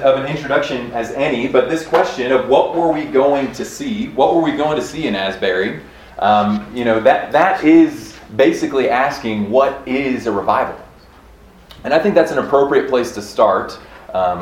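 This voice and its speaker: A man in his thirties from Kansas giving a casual, earnest church talk, chatty and quick to laugh, often restarting his sentences. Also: medium pitch, a little hiss or hum. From Kansas, USA. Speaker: church speaker teaching on revival history. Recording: roomy echo, faint room ambience.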